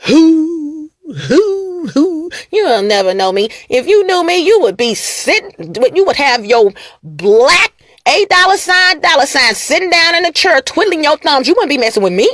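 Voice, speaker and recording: A fairly high-voiced woman rants casually to her viewers, mocking and animated. She laughs at her targets and hammers points home by repeating them. Her voice sounds close and dry, with no room around it. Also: normal speed, no room sound. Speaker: vlogger. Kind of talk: casual ranting monologue to camera.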